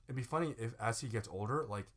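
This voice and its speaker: A man's voice: medium pitch, fast talker, a bit bright. A young man co-hosting a comedy podcast, chatting casually in a playful, rambling way full of fillers. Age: young adult. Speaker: podcast co-host.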